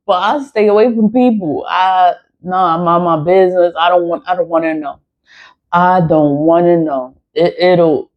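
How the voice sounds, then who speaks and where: A woman with a slightly low voice rambles through a casual vlog, blunt and repetitive, with swearing dropped in freely. The recording is dull and lo-fi, with the top end muffled. She talks as a tarot reader speaking straight to her viewers. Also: steady tone, a little slow.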